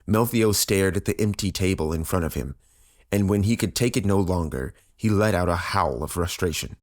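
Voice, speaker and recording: A man narrating an audiobook in a steady, even reading style. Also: sits low, moderate pace.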